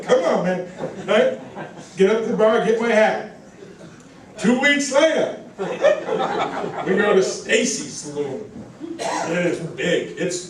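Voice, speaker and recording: A man tells rambling roast stories about an old friend, often laughing at his own punchlines and swearing. His voice sits fairly high and sounds roomy and distant. Steady background noise runs under the speech. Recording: echoey room, recorded from far off, background noise.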